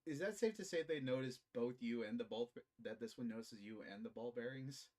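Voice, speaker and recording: A man narrating as game master in a tabletop game, animated and swearing freely. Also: mid-range voice, fairly quick, rough recording.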